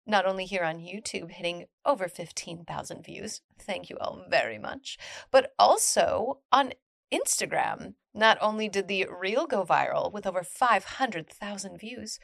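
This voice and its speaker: Lively, gravelly-voiced woman podcast host. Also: mid-range voice, no room sound. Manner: animated and playful, with gasps and excited reactions. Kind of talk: casual podcast, reading and reacting to online stories.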